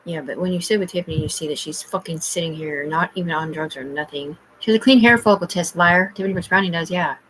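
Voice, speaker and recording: A woman's voice: on the low side, quick pace, hardly any pauses, a bit bright, a little hiss or hum. A woman talking to her livestream in a rambling, agitated, heavily profane rant.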